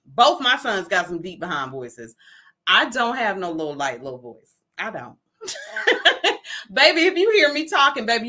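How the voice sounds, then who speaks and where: Woman host, middle-aged, from new jersey, forceful bright tone, folksy, emphatic, laughs often. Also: medium pitch. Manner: laughs often, lively asides; says her voice carries and commands attention. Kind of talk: casual motivational talk.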